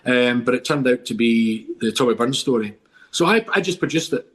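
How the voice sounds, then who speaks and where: A middle-aged man from Scotland, a podcast guest with an expressive mid-range voice, speaks fairly quickly. In casual chat he tells long stories with enthusiasm, rambling and restarting a lot.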